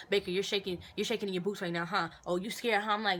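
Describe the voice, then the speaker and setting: A young woman vlogs a casual Q&A into her phone at a rapid clip. She tells her stories animatedly, breaking into indignant bursts, with many fillers along the way. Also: fairly low pitch, steady tone, a bit bright, a little hiss or hum. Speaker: vlogger answering viewer questions. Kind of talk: casual Q&A vlog.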